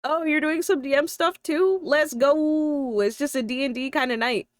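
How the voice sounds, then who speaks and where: A woman's voice: high voice, normal speed, dry recording, clean studio sound. A young woman with a slight lisp, chatting casually on a live stream, thinking aloud and talking to her viewers. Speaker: live streamer and tabletop player.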